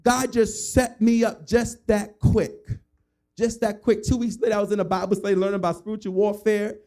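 A man in his thirties preaching a sermon, telling his own testimony in a lively storytelling way with acted-out voices. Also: high-pitched, moderate pace. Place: church sanctuary.

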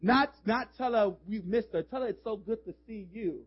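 A male pastor with a high voice preaches in a church, pressing his points with emphatic calls and casual, joking asides. The recording is dull and lo-fi. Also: normal speed, few pauses, slightly rough. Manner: emphatic, call-and-response urging. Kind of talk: sermon. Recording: dull lo-fi sermon audio.

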